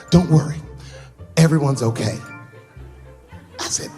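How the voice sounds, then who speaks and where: A man telling stand-up stories, animated and switching into shrill voices for the characters he quotes. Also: unhurried, long pauses, faint music behind. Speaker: stand-up comedian. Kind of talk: stand-up storytelling.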